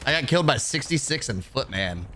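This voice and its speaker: A man streaming a video game, talking excitedly in voice chat and often yelling and pleading. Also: mid-range voice, a little fast, background noise. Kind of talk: gameplay commentary in voice chat. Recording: game sounds and chatter behind the voice.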